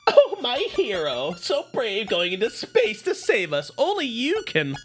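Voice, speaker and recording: A man voicing a gushing, swooning damsel in a high, drawn-out, mocking falsetto while reading a game aloud. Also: huge pitch swings, faint music behind, heavily acted.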